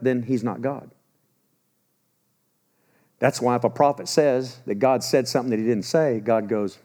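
A man's voice: moderate pace, pauses often. Emphatic sixty-something male preacher. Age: 60s. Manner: emphatic, swings between loud urgency and low grave warnings. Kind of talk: sermon.

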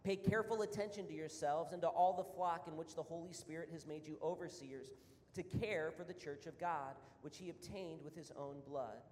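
A man's voice: on the high side, normal speed, a little mellow. An earnest male pastor delivering a sermon with a slightly raised voice. He builds to emphatic, repeated points and sounds a little out of breath. A long hall reverb trails his words, with a faint hum beneath. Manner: earnest, rising to emphatic repetition.

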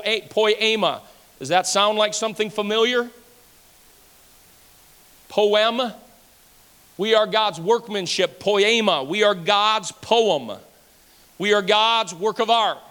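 A man preaching a sermon as pastor, building repeated refrains up to shouts, with a folksy manner and drawled fillers. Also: high voice. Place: church sanctuary. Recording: long reverb of a church hall.

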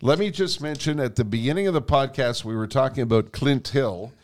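A man's voice: medium pitch, brisk. A man co-hosting a podcast, chatting loosely with fillers and reading an ad. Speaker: podcast co-host. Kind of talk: casual chat and live ad read.

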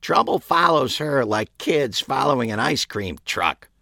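A man voicing a blunt woman psychic who barks advice and warnings in a bored, dark way. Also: mid-range voice, sing-song, a little slow, vocal fry, no room sound, clean studio sound, voice pushed up, exaggerated voice.

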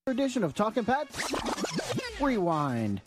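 A man's voice: sits high, wildly swooping pitch, unhurried, background noise. A man announcing a radio segment in a breezy, playful way. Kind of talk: scripted radio segment hosting.

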